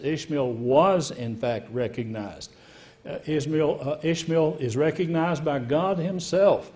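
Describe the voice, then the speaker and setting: A man's voice: a little high, darkish tone. A man, a pastor, leading a Bible study and explaining verses step by step while asking the class questions. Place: church.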